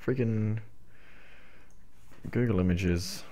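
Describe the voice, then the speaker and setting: A man's voice: lowish voice, slow, mellow. A young man chatting casually while streaming a game, telling rambling, giggly stories. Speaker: gaming livestreamer. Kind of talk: casual chat while playing.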